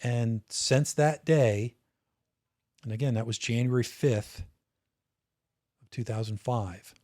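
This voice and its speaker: A middle-aged man talks through a personal story in a relaxed podcast interview. His voice sits at an ordinary pitch and sounds dry and close, with no room echo. He speaks candidly, swears casually and keeps circling back to restart his sentences. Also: takes it slowly. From United States. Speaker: interview guest, retired state police major.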